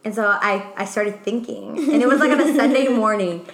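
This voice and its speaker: A young woman co-hosting a podcast, telling stories in a chatty, animated way with lots of "like". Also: on the high side, a little fast. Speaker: podcast co-host. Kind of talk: casual chat. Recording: echoey room.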